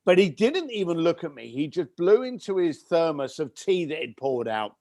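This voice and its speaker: A man with a high, light speaking voice tells a story with real energy, acting out his family's lines as he goes. The sound is close and dry, with no room in it. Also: normal speed, no echo. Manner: animated storyteller who acts out family dialogue. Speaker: podcast guest. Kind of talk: storytelling interview.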